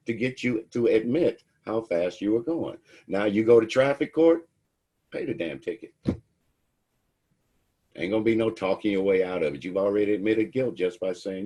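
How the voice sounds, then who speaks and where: A man's voice: on the low side, moderate pace, slightly rough. A man giving a casual, blunt lecture about the law, telling stories with profanity. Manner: blunt, profane, animated storytelling. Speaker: speaker teaching about police and the law.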